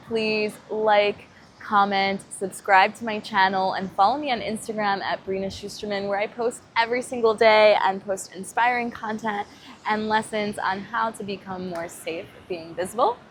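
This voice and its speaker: Woman, guided meditation, soft and gentle, slow affirmations, middle pitch, faint background hiss. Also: poor audio. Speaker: vocal embodiment coach.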